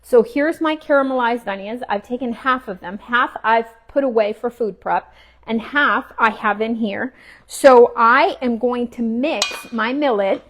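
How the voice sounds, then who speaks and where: A woman with a slightly high voice chats her way through a home cooking demo. She talks loosely and casually as she works, and sometimes she is chewing. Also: unhurried. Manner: chatty, relaxed, talks while cooking and chewing. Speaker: cooking vlogger. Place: home kitchen.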